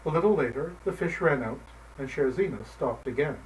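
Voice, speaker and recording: A man narrating a folk tale in a gentle, measured storybook manner. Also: fairly high pitch, animated. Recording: distant mic, faint background noise.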